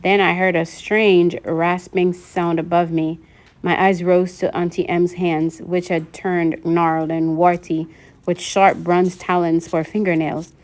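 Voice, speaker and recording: A woman reading a novel aloud, narrating in a steady first-person voice. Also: lowish voice, measured pace. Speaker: reader.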